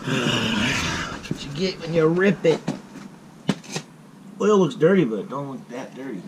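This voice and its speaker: A man's voice: mid-range voice, animated, a little slow. Man muttering over outdoor noise. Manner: mutters and curses while working. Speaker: home mechanic. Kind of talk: casual how-to commentary. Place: outdoors beside a flower bed. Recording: noisy outdoor camera recording. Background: outdoor ambience and vehicle noise.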